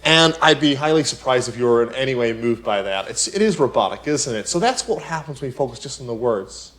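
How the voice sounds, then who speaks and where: A man teaching piano in a relaxed tutorial, talking chattily, with many "you know" asides and rhetorical questions. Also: mid-range voice, brisk. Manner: explains with everyday examples. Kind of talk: casual spoken tutorial.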